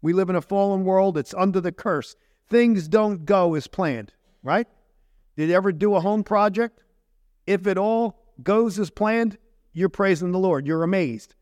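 A man's voice: high voice, normal speed, darkish tone, no room sound, studio quality. A man pastor preaching a conversational sermon, full of rhetorical questions and asides to the congregation.

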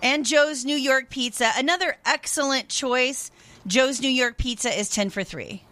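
Bright, cheerful woman radio host. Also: high-pitched. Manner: cheerful, brisk and friendly. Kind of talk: upbeat on-air call-taking. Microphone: studio microphone.

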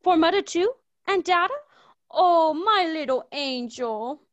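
A woman's voice: very high voice, expressive, a little slow, dry recording, dull audio. A woman voicing a fussy, doting wife and mother who talks in a gushing, coaxing way, as in a radio play. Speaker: Mrs. Fountain.

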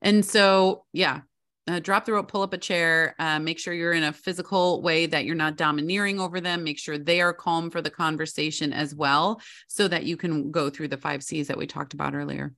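Low-voiced woman giving parenting advice. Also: steady tone, normal speed, fairly bright tone. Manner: confident, instructive, often adds "right?". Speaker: parenting guest expert. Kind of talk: podcast interview advice.

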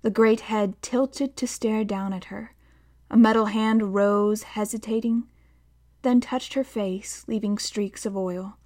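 A woman narrating a novel aloud in a steady storytelling manner, voicing the dialogue. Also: mid-range voice, slow. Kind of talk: audiobook narration.

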